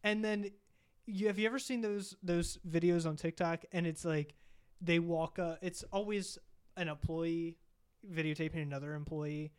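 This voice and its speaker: A young man in casual podcast chat, rambling through a profane, animated story. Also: a little high, normal speed, clear, resonant tone.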